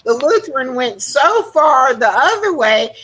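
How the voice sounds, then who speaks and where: A woman's voice: high-pitched, very animated, unhurried, fairly bright tone, low-quality recording. A woman in a casual chat, talking in a reflective, hesitant way.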